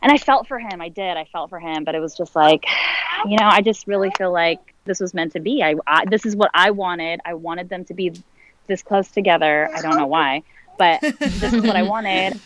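A woman's voice: lowish voice, moderate pace, fairly bright tone, rough recording. A woman in her late twenties telling a personal story in conversation, candid and full of fillers, acting out the lines of others. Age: 20s. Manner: candid, filler-heavy, reenacts dialogue. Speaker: guest.

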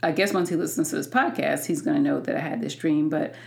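Low, gravelly-voiced woman telling a story. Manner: unhurried, many fillers and restarts. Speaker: podcast host. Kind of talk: personal storytelling.

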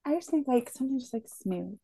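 A woman's voice: a little high, expressive, fairly quick, mellow, slightly rough, no room sound, studio quality. A woman co-hosting a book podcast in casual chat, talking in restarts with lots of "like". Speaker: podcast co-host.

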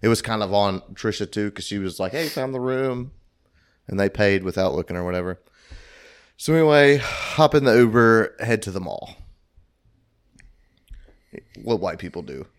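A man's voice: on the low side, moderate pace, pauses often. A man casually telling a long, rambling, profane story to his podcast co-hosts. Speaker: podcast co-host.

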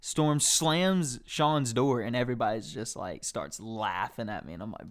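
A man's voice: medium pitch, normal speed. Profane young man telling stories. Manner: animated, profane storytelling with acted-out quotes. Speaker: podcast host. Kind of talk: casual storytelling chat.

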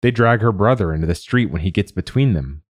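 Deep-voiced male story narrator. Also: lively intonation, a little fast, dry recording, studio quality. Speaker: host and narrator.

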